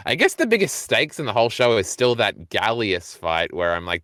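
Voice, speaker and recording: A man's voice: on the low side, huge pitch swings, moderate pace, sharp tone, no echo, studio quality. A man in casual chat who rants sarcastically with a lot of swearing. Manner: crude, sarcastic, rants with heavy profanity. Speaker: podcast co-host.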